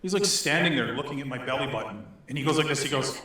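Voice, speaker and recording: A middle-aged man from Northern Alberta telling a story to an audience, animated and laughing as he acts out the voices in it. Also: mid-range voice, fast talker. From Northern Alberta, Canada. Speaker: speaker. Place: synagogue hall. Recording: echoey hall.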